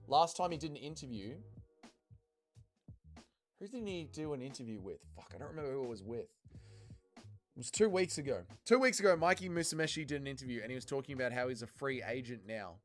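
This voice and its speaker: A man's voice: mid-range voice, animated, fairly quick, long pauses, soft background music. A man hosting a casual livestream, reading viewer comments aloud and answering them in a loose, profane way. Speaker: livestream host reading chat.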